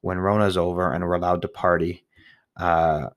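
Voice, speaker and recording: A man's voice: deep voice, flat delivery, moderate pace, dry recording, clean studio sound. A young man hosting his first podcast, rambling in casual chat, swearing freely and mocking himself, nervous and full of "um"s and sniffles. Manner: rambling, profane, self-mocking, with fillers and sniffles. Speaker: podcast host.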